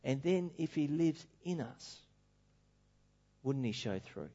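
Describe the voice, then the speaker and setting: A man's voice: fairly high pitch, lively intonation, takes it slowly, mellow, slightly rough, heavily acted. A curious little girl, as a male preacher puts her on, slightly raised. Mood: puzzled. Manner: earnest, questioning. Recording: dull lo-fi recording.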